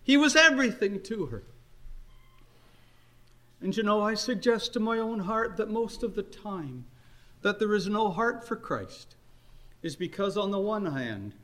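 Older male preacher, earnest, raised pitch. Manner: earnest storytelling, swinging between soft and loud. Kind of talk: sermon.

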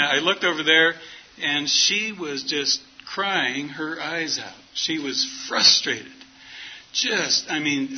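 Middle-aged male preacher, folksy storyteller, slightly high voice, dull lo-fi recording. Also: slight background noise. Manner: folksy storytelling, acts out quoted dialogue. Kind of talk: sermon with personal story. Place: church meeting hall. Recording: muffled lo-fi sound.

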